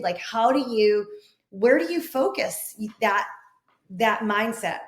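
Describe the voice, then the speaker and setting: A woman's voice: fairly high pitch, lively intonation, a little slow, reverberant. A woman hosting a podcast, encouraging and reflective, laughing easily as she talks with her guest. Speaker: podcast host. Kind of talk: interview conversation.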